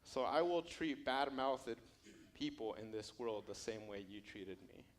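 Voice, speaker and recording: A man's voice: mid-range voice, expressive, measured pace, pitched below the performer's own voice, natural voice. Man playing Peter, humble stammering fisherman. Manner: confessional, stammering restarts.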